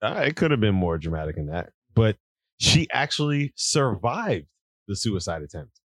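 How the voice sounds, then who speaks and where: A man's voice: lowish voice, sing-song, moderate pace, no room sound. A man hosting a podcast, casually telling a story and laughing often. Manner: laughs a lot, storytelling with acted quotes. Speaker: podcast host. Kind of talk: casual comedic chat.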